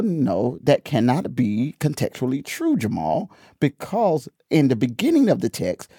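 A man hosting a podcast, talking casually about church and drifting into preaching, animated, laughing often and repeating phrases for emphasis. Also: medium pitch, breathy edge, no echo, clean studio sound.

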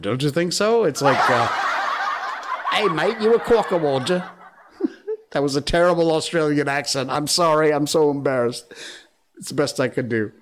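A middle-aged man hosting his own show, talking casually and joking with viewers in a rambling monologue. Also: medium pitch. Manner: chatty, joking, rambling asides. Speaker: show host.

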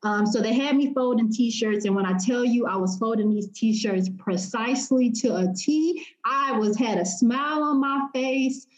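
A woman's voice: on the high side, moderate pace, hardly any pauses, poor audio. A young woman telling an emotional personal story as an interview guest, acting out what she and others said. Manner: animated, emotional, quotes herself and others.

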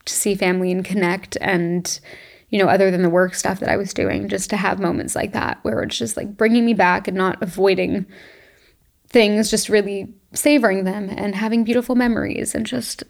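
A woman's voice: mid-range voice, fairly even intonation, moderate pace, creaky. A young woman from Canada, hosting her own podcast, tells a personal story in a reflective, emotional way and laughs often. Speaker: podcast host. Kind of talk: casual solo monologue.

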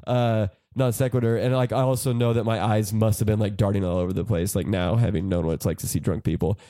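A man's voice: lowish voice, steady tone, quick pace, mellow, no room sound, clean studio sound. A man in his forties telling a funny story as a podcast guest, rambling with lots of "like" and laughing as he goes. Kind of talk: casual comedic storytelling.

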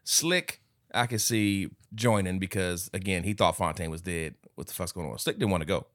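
Man, low voice, casual podcast co-host, animated movie recap. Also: moderate pace. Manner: animated retelling with acted-out character quotes. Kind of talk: casual movie review chat.

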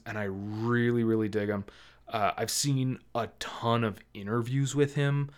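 A man co-hosting a movie review chat, talking casually with lots of fillers and restarts. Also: mid-range voice. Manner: rambling, filler-heavy, many likes and ums. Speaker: movie review podcast co-host.

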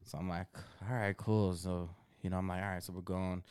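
A young man co-hosting a podcast, telling stories in a laid-back, swearing style that grows loud when he is indignant. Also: deep voice, flat delivery, fairly quick, clean tone, no echo, studio quality. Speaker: podcast co-host. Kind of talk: casual chat.

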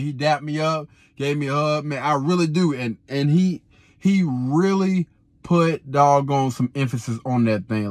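Young male videographer, slangy animated storyteller, higher voice, dry sound. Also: measured pace, no echo. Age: 20s. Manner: animated, slangy, repeats himself. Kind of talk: casual storytelling.

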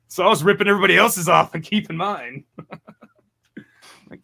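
A man's voice: medium pitch, normal speed, vocal fry. A man in his forties telling a rambling, profane story in a casual podcast chat. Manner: rambling, profane, animated quoting. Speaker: podcast co-host.

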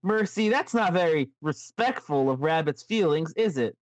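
A creepy-sweet children's host, put on by a man, crooning slow and high with a drawling Southern twang. The voice is dry and close. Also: animated, no echo, natural voice. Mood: eerie sweet. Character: impression of a wrestler's eerie children's-host persona.

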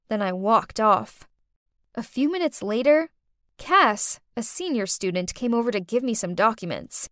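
A young woman narrating a first-person animated story in a dramatic, exclaiming manner. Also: on the high side, measured pace, no echo, clean studio sound. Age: young adult.

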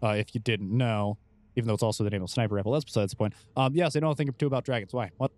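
A man's voice: medium pitch, racing, darkish tone. A man narrating as game master for a tabletop game, rambling and playful, with many fillers and restarts.

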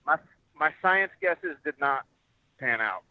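A man guesting on a podcast as a fighter, joking around with a slightly halting delivery. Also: on the high side, expressive, no room sound, narrow, tinny audio. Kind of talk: casual chat.

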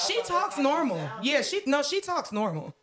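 A woman's voice: sits high, very animated, normal speed, fairly bright tone. Atlanta woman cohosting a podcast, blunt, laughs a lot, cusses casually. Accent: Southern US, Atlanta. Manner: blunt, laughing, swears freely. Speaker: podcast co-host. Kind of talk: casual chat.

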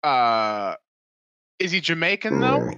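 A man's voice: medium pitch, huge pitch swings, takes it slowly, sharp tone, clear, resonant tone, dry recording, dull audio. A man co-hosting a podcast, telling stories and teasing his co-hosts in a playful way. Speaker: podcast co-host. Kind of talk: casual movie review chat.

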